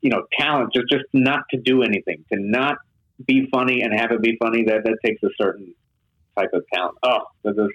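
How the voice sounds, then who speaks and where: A man co-hosting a casual film chat, amused and quick to agree. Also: medium pitch, steady tone, fairly bright tone, muffled recording. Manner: amused, chuckling, eager agreement. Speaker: podcast co-host.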